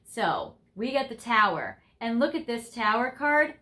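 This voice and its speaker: A woman's voice: fairly high pitch, sing-song, a little slow, bright, forceful tone. A young woman giving a tarot reading to viewers, gushing and effusive, laughing often as she talks through the cards. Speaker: tarot reader.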